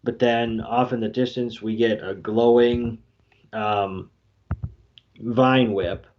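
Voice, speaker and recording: A man co-hosting a podcast, slowly retelling a movie scene by scene with lots of fillers and quoted lines. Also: medium pitch, fairly even intonation, a little hiss or hum. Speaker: podcast co-host. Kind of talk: casual podcast recap. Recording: dull lo-fi podcast audio.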